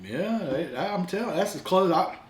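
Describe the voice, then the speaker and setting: A man tastes and praises food with enthusiasm, his pitch swinging lively up and down. He is recorded in an echoey home kitchen with faint background noise. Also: normal speed. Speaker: co-host taste tester. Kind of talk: casual taste-test chat.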